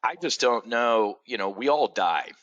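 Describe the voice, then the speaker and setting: A middle-aged man from the United States hosting a trading show, ranting sarcastically with profanity, swinging from loud outbursts to low mutters. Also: expressive, unhurried, highs cut off. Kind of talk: ranting market commentary.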